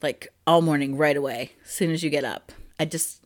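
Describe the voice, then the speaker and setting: A woman in her thirties co-hosting a podcast, chatting casually in a self-deprecating, rambling way that drifts softer. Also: low voice, fairly quick. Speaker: podcast co-host. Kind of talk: casual chat.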